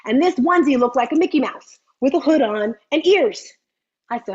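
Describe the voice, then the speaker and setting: High, husky woman, chatty and animated. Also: moderate pace, muffled recording. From United States. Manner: chatty, animated, laughs often, teasing asides. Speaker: host. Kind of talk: lively motivational livestream talk.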